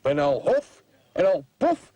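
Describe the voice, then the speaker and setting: A man's voice: on the high side, big pitch swings, a little slow, mellow, no echo. A man voicing a young boy who plays the wolf in a family play, announcing and blustering threats. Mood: menacing. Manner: showman announcing, then growling threats. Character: eager boy playing a wolf.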